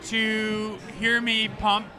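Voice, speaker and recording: A man's voice: sits high, monotone, drawn-out words, pushed and bright, soft background music, a faint crowd. A man co-hosting a live hockey post-game show from a bar, telling stories in an emphatic, profane way.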